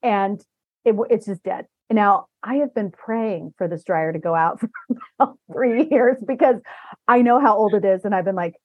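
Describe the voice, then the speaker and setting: A woman hosting a casual podcast chat, wandering from one anecdote to the next and laughing often. Her voice sits at an ordinary middle pitch. The recording is dull and lo-fi, with a dead, dry sound. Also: moderate pace, dry recording. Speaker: podcast host.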